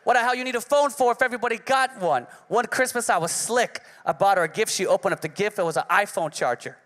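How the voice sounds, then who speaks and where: A man's voice: sits high, fast talker, a bit bright. Brash profane man doing stand-up. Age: 30s. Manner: brash, profane, punchy delivery. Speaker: stand-up comedian. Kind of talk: stand-up set. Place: comedy club stage. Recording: live hall reverb.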